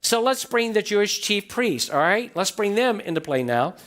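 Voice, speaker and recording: A man's voice: high voice, sing-song, normal speed, fairly bright tone. A man pastor preaching a sermon to his church, stressing points by repeating phrases and asking the congregation questions. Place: church sanctuary.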